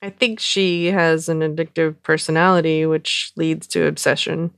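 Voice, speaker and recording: A woman's voice: low voice, steady tone, normal speed, vocal fry, clean tone, no room sound, studio quality. A woman co-hosting a podcast, reading listener messages aloud and adding amused asides. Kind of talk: casual podcast chat.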